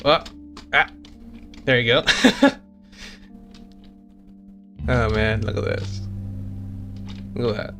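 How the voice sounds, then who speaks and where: A man's voice: mid-range voice, slow pace, pauses often, fairly bright tone, faint music behind. A man streaming as a VTuber, chatting casually and chuckling often as he shows off games he made, repeating himself and trailing off mid-sentence. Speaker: VTuber streamer and game developer. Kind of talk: casual live-stream commentary.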